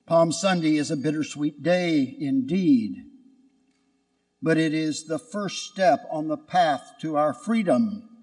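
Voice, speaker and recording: Slow, high-voiced priest in a reverberant church. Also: male voice, darkish tone. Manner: earnest, storytelling. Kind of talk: sermon with a told story. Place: church at Sunday Mass.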